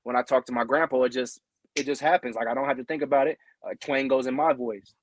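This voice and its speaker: A man's voice: mid-range voice, steady tone, quick pace, dry recording. A young man chatting on a podcast in a rambling, earnest way, often tagging on "you know what I mean". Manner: earnest and heartfelt. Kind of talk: casual podcast chat.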